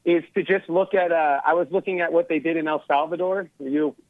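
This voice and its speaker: A male caller from the Los Angeles area who talks in a loose, rambling way and leans on fillers. His fairly high voice comes through a dull, muffled line with a dry sound. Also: steady tone, a little fast, no echo. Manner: casual, rambling, full of fillers like "like". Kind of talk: phone-in conversation.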